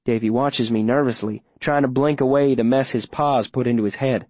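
A man narrating a first-person audiobook in a low, steady storytelling voice. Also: brisk, no room sound.

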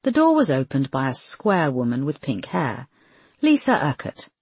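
A woman narrates an audiobook, measured and expressive. Her voice sits low and husky, with lively pitch movement. The sound is dry and close. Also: dry recording. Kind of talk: scripted narration.

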